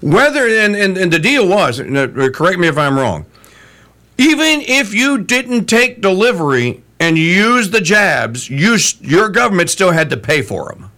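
A man hosting a talk radio interview, animated and opinionated, often stumbling over restarts. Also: high voice, unhurried.

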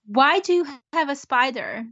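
A woman whose first language is Portuguese, co-hosting a casual podcast chat, animated and swearing freely. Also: high-pitched, moderate pace. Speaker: podcast co-host. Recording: dull lo-fi audio.

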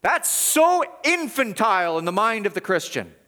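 A middle-aged male pastor preaching verse by verse, swinging from loud emphatic peaks to low, quiet asides. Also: big pitch swings, normal speed. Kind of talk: expository sermon.

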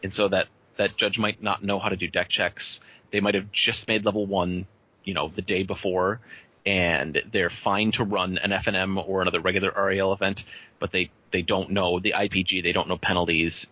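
A man's voice: deep voice, fairly even intonation, normal speed, pushed and bright, lo-fi sound. A man appearing as a guest on a podcast, explaining rules with a dry, sarcastic edge. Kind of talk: casual panel chat.

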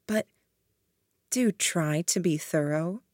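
An unsettling young woman speaks softly and gently while she threatens, as a woman reads her. The voice sits low and moves slowly. The sound is close and dry. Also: no echo. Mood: confiding. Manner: soft, eerily gentle threats.

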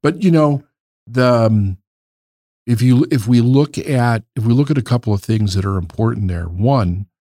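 A man hosting a casual podcast as a coach, reflective and measured in his speech, known for long pauses. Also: mid-range voice, warm tone, dry recording, clean studio sound. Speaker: business coach and podcast host.

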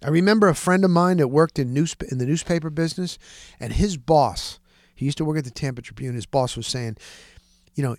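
Animated man telling stories, fairly high. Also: a little fast, dry recording, clean studio sound. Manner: animated, acts out quoted dialogue. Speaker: podcast host and sports reporter. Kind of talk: casual storytelling.

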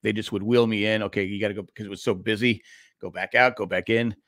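A man's voice: on the low side, fairly even intonation, quick pace, fairly bright tone, dry recording, studio quality. A middle-aged man co-hosting a podcast, rambling through a story in casual chat with restarts and laughs. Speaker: podcast co-host.

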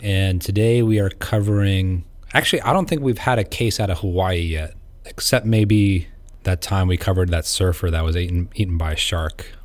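A man with a somewhat low voice co-hosts a podcast in relaxed, chatty conversation. He is getting over a cough and talks around a cough drop, tossing in quick asides and laughs. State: has a cough, cough drop in mouth. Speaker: podcast co-host. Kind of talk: casual chat.

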